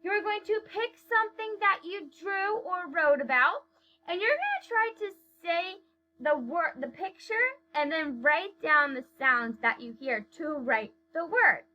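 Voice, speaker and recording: A woman teaching young children to write, speaking slowly and clearly and stretching out words as she sounds them out. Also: very high-pitched, animated, lo-fi sound.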